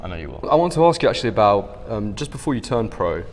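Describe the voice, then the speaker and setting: Male interviewer, quick, bouncy intonation, eager questions, hall reverb, faint background hum. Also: medium pitch, big pitch swings. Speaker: interviewer host. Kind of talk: casual interview chat.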